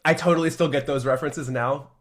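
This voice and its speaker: A man co-hosting a podcast in casual talk, self-deprecating and quick to laugh. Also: mid-range voice, steady tone. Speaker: podcast co-host.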